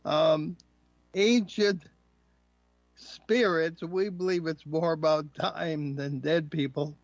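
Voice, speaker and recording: Gravelly, slow-talking older man. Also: a little high, steady tone, no room sound. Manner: halting, many filler words. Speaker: co-host. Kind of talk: casual radio talk. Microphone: remote call.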